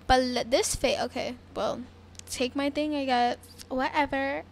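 A young woman chatting excitedly to her viewers while playing a dress-up game, with faint background noise. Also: sits high, a little slow. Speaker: gaming youtuber. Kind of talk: casual gameplay commentary.

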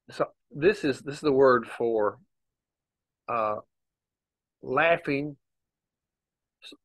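In a dry recording, a man's slightly bright, medium-pitched voice wanders through an informal Bible lesson. Full of fillers and restarts, his conversational explanation of Hebrew words proceeds slowly.

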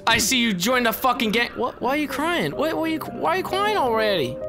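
A young man doing profane, excitable let's-play commentary as a gaming YouTuber, swinging between low growled taunts and shrieks. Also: moderate pace, over music.

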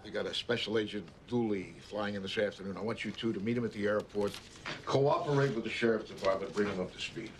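A man playing a police captain in a family film, briefing his officers in a brisk, matter-of-fact way. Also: on the low side, slight background noise, natural voice. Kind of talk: film dialogue.

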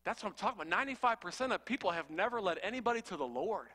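A man's voice: high-pitched, lively intonation, rapid-fire, bright, forceful tone. A man preaching a sermon in a fervent, conversational way with slangy asides.

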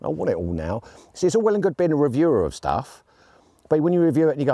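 A man's voice: medium pitch, huge pitch swings, very fast, mellow, dry recording. A man giving a chatty, jokey and enthusiastic gear review outdoors on shooting land.

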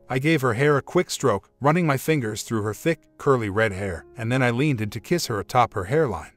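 A man reads a first-person story aloud in an even, measured way. His voice sits at a middle pitch for a man. Faint music plays softly behind him.

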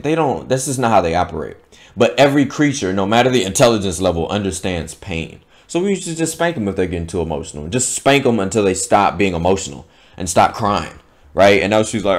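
Lecturing man, low voice. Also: animated, fairly quick. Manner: lecturing, repetitive, emphatic; stumbles and restarts words. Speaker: channel host. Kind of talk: opinionated monologue.

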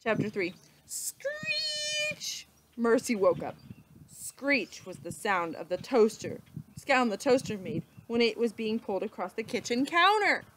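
A woman reading a children's storybook aloud in a teacher's manner, with slow, dramatic pauses. Her fairly high voice rises and falls in a very lively way. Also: noisy background. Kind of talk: children's book read-aloud.

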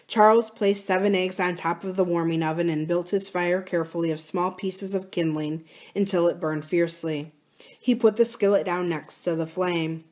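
A woman's voice: lowish voice, normal speed, a little mellow. Woman reading a novel aloud. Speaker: library read-aloud host.

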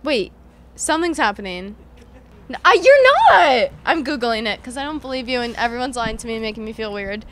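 A woman's voice: a little high, quick pace, a bit bright. A young woman in her twenties hosting a podcast, chatting casually and rambling with lots of fillers. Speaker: podcast host. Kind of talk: casual chat.

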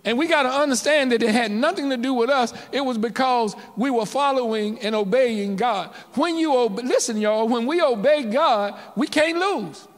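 High-voiced preacher in a reverberant church. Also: male voice, normal speed, hardly any pauses. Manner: call-and-response preaching, rising and dropping in waves. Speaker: pastor. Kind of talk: sermon. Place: church sanctuary.

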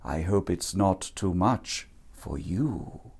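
Slow, theatrical male storyteller. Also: low-pitched, expressive, creaky, darkish tone, slightly rough. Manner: playful, theatrical. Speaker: narrator. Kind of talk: rhyming storybook narration.

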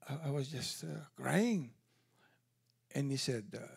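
A man giving an animated testimony at a church service, telling his story with quoted dialogue. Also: mid-range voice, measured pace, gravelly, long pauses, breathy edge.

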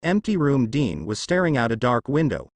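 A man reading fanfiction aloud in a steady storytelling way. His pitch moves lively, and the sound is dry and close. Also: normal speed, no echo. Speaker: story reader. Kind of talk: fanfiction narration.

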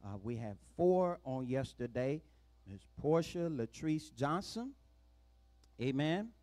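A man pastor making church announcements in a relaxed, folksy way, with the odd "uh" between phrases. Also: mid-range voice, slow.

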